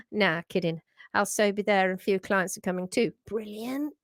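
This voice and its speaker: Reading viewers' comments aloud on her live stream, this middle-aged woman greets them warmly and chats casually, with frequent restarts and laughter. She speaks at a measured pace in a mid-range voice, recorded clean and dry in a studio.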